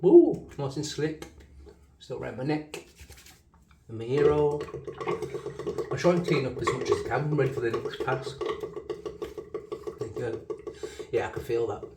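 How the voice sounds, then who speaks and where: A man's voice: medium pitch, steady tone, moderate pace, long pauses, reverberant, far from the mic, very noisy. A man with a Black Country accent, chatting casually while shaving, often correcting himself and laughing. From Black Country, England. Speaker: shaving channel host. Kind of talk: casual rambling shaving commentary.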